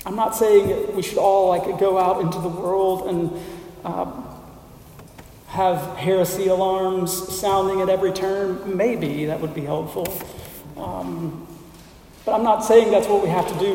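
A male pastor with a high, mellow voice preaches an unhurried sermon, pausing between phrases and building emphatic lists. He sounds a little distant from the mic, and his voice rings through a large, reverberant church hall. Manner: measured preaching with deliberate pauses and emphatic lists.

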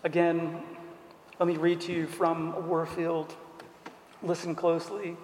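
A man preaching a sermon in an earnest, deliberate way, asking rhetorical questions. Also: fairly high pitch, little pitch movement, darkish tone, a little hiss or hum. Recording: echoey hall.

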